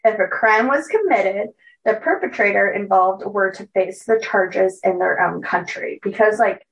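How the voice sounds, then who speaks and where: A woman co-hosting a podcast, telling a true story casually from her notes, with many fillers and quick self-corrections. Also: mid-range voice, recorded from a distance, rough recording.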